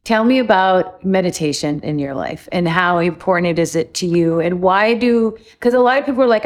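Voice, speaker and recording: A woman's voice: lowish voice, moderate pace, hardly any pauses. A woman hosting an interview, asking questions and repeating the guest's words back to prompt him. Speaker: interview host.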